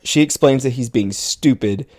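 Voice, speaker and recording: Here a man co-hosts a podcast, chatting through a movie's storyline and quoting characters in passing. He speaks in a mid-range voice with a darkish tone, keeping a moderate pace.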